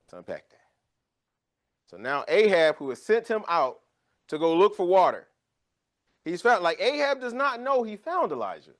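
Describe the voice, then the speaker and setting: A man leading a Bible study in a casual teaching voice, pitched a bit above the usual for men. He tells the passage like a story and slips into little acted scenes. His delivery is conversational and animated. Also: normal speed, long pauses. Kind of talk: informal teaching.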